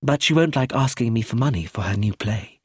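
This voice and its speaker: A man voicing a calm, firm young heiress who speaks clearly and matter-of-factly in a storybook reading. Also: mid-range voice, a little fast, dry recording, clean studio sound.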